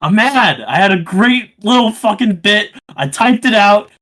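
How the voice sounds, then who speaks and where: High-voiced, profane male co-host. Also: expressive, a bit bright. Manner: profane, quick to vent frustration. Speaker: podcast co-host. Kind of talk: casual chat.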